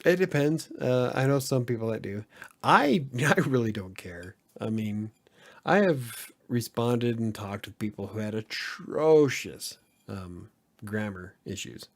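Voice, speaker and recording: A man's voice: lowish voice, lively intonation, measured pace. A man hosting a casual live-stream podcast, joking around and laughing often as he answers the chat. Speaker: podcast host; editor.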